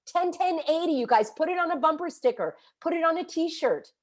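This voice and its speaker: Indignant woman with a lively high voice. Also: brisk. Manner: indignant, scolding, emphatic, calls people out directly. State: upset and agitated. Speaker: vlogger and activist. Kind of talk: impassioned direct-to-camera rant.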